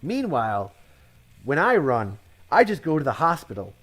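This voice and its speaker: A man's voice: mid-range voice, very animated, moderate pace, fairly bright tone. A man from Connecticut telling one-liner jokes, chuckling at his own punchlines and commenting offhandedly on them. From Connecticut, USA. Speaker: comedian.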